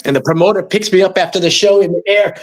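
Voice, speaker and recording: Middle-aged male storyteller guest, fairly high voice, lively, slips into quoted voices. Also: fast talker. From Los Angeles. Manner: animated, acts out quoted voices. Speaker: musician guest. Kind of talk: storytelling in interview.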